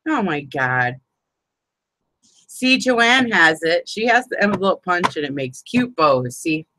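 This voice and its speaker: A woman's voice: lowish voice, sing-song, slow pace, bright, forceful tone, a little hiss or hum, rough recording. A woman hosting a live crafting chat, rambling and exasperated, swearing and laughing as she talks to viewers by name. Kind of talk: casual live chat, demonstrating a paper craft.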